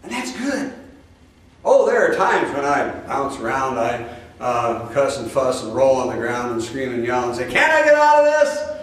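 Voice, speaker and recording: A man's voice: mid-range voice, lively intonation, moderate pace. Older man preaching in a roomy echo. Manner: folksy, conversational preaching with asides and rhetorical questions. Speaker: spiritual teacher. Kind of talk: spoken sermon. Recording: roomy echo, speaker far from the mic.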